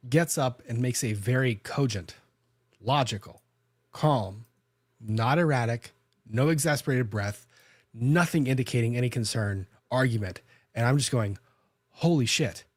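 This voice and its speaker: A man's voice: medium pitch, measured pace, no room sound, studio quality. A man, a lawyer hosting a podcast, telling a story in a casual, conversational way with frequent restarts and self-corrections.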